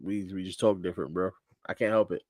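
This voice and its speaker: A man's voice: sits low, fast, darkish tone, dry recording. Chill guy from connecticut talking sports on his stream, dry close mic, easygoing and chuckly. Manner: laid-back, laughs often, repeats himself. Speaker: podcast host. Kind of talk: casual sports chat. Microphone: studio mic on a livestream.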